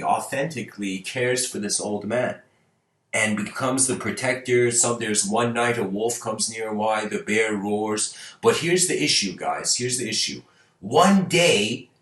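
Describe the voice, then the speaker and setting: A man's voice: medium pitch, a bit bright, roomy sound. A man whose first language is Persian, talking casually to viewers, rambling through fables with frequent laughs and restarted words.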